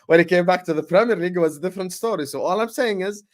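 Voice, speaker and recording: Upbeat male livestream host, slightly high. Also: rapid-fire. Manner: energetic, hype-style announcing with frequent fillers. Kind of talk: casual livestream chat.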